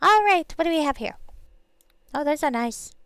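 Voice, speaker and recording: A woman's voice: high-pitched, animated, normal speed, fairly bright tone, no room sound. A woman streaming a role-playing game, chatting casually and poking fun at herself. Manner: chatty and self-mocking.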